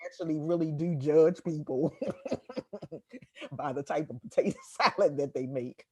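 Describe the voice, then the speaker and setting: A middle-aged woman from Washington, D.C., a guest writer chatting in an interview, laughing often and pausing on fillers. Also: low-pitched, mellow, husky, no room sound, studio quality. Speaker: guest writer and real estate agent. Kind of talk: casual interview conversation.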